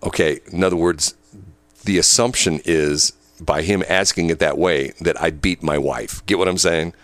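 A low-voiced, middle-aged man talks on a morning radio show. He rambles, laughs and acts out mock speeches. The sound is close and dry. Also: steady tone, moderate pace, fairly bright tone, no echo. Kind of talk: casual radio chat.

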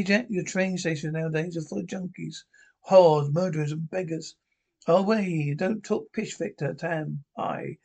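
Older scottish guy grumbling and bantering in a sitcom, swears a lot, voice sits a bit high. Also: vocal fry, darkish tone. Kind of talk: sitcom dialogue.

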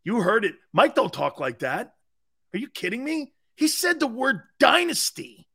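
A middle-aged man hosts a sports talk stream. His voice sits high and sounds bright and forceful. He jumps from one viewer comment to the next, joking loudly. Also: a little slow, creaky, husky. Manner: animated, joking, jumps between chat comments. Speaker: sports talk show host. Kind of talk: live-stream sports talk, reading chat.

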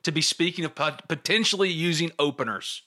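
A man's voice: a little high, a little fast, sharp tone. A man co-hosting a sports podcast, teasing his partner with needling questions in casual chat. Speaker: podcast co-host.

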